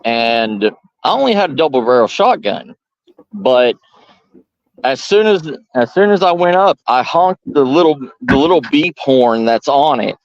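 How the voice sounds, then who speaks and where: A young adult man from Georgia, telling a long story at a firepit in a halting, rambling way with many restarts. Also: mid-range voice, expressive, no room sound, highs cut off. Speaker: storyteller host. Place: outdoors by a firepit.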